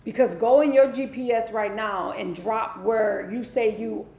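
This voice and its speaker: In an echoey room with faint ambient noise, a middle-aged woman speaks emphatically to her live viewers during a motivational wellness stream. Her voice is fairly high, creaky, and a little mellow, with a steady tone and a measured pace.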